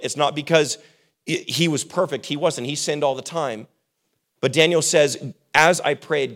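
A young adult man preaching a sermon as pastor, casual and joking, acting out quick quotes. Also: fairly high pitch, a bit bright.

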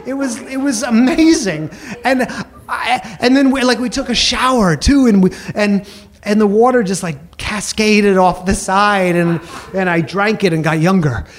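High-voiced man telling a comic story. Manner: rambling, halting restarts, self-mocking punchlines.

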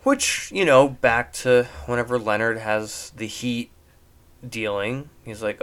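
Young man for a casual, rambling movie recap that gets animated at the funny bits. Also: medium pitch, slow, clear, resonant tone. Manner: rambling, animated, laughs at jokes.

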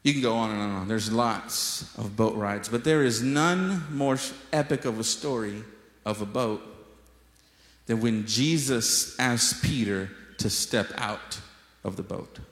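A man's voice: lowish voice, unhurried. A man preaching a sermon to a congregation, telling stories playfully and acting out the voices of the people in them. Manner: lively storytelling preacher, acts out voices, jokes with the congregation. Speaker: pastor. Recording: echoey hall with long reverb.

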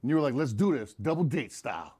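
A man's voice: medium pitch, big pitch swings, fast, a little mellow, breathy edge. A man playing a lawyer in an improvised mock courtroom comedy, crude and mocking, questioning with theatrical flair.

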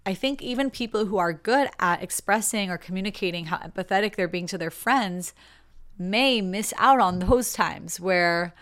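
A woman's voice: medium pitch, normal speed, a bit bright. A young woman hosting a podcast, reading a book passage aloud and then reflecting on it earnestly, acting out the quoted replies as she goes. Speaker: podcast host.

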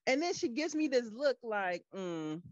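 High-voiced woman telling a story. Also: a little slow, highs cut off. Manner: animated storyteller, acts out quoted people. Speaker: podcast co-host. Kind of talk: casual storytelling chat.

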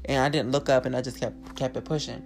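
A woman's voice: a bass voice, little pitch movement, fast talker, vocal fry, a little mellow. A young woman hosting her own podcast, telling a story in a blunt, profane, chatty way. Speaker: podcast host. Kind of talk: casual storytelling monologue. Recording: guitar music playing underneath. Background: guitar music.

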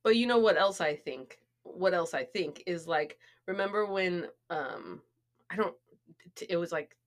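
A woman's voice: on the low side, animated, a little slow. A middle-aged woman co-hosting a podcast in casual chat, rambling with lots of "like" and restarts. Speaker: podcast co-host.

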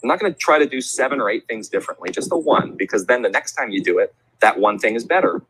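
A young man as an interview guest, telling stories in casual chat and acting out quoted voices with big jumps in pitch. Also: lively intonation, fast, fairly bright tone, breathy edge, dry recording, poor audio. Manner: rambling restarts and fillers. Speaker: interview guest, sports event host.

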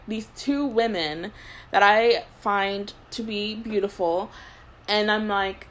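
A woman's voice: mid-range voice, animated, slow, vocal fry, low-quality recording. A woman in her twenties hosting a podcast, telling a long story in casual chat, rambling with lots of "like" and laughing between thoughts. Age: 20s. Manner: rambling storyteller, heavy use of "like". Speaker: podcast host.

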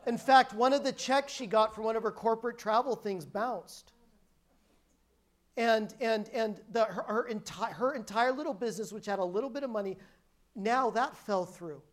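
A woman's voice: on the high side, moderate pace. A woman preacher giving a sermon as a personal testimony, telling her story emphatically and often restarting her sentences.

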